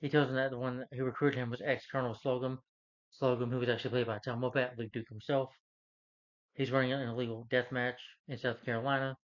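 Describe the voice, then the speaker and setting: Male reviewer, average pitch, rambling casual recap rant, muffled lo-fi sound. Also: flat delivery, quick pace. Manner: rambling, loose retelling full of "he's like". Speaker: movie reviewer. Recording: dull lo-fi recording.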